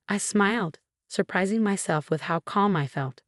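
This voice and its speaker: Calm, low-voiced woman narrating a story. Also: normal speed, no echo, studio quality. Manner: calm, intense.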